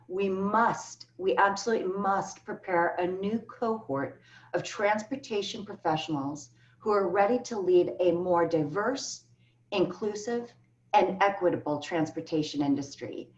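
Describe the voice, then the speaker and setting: A woman's voice: medium pitch, unhurried. A woman speaking as a keynote speaker, answering panel questions earnestly and with emphasis over a video call. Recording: echoey, distant, dull video call audio.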